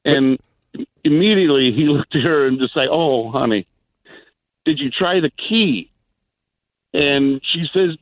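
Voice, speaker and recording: A man calling into a radio show, telling an anecdote in a rambling, halting way. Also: a little high, expressive, dry recording. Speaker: caller. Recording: dry phone line.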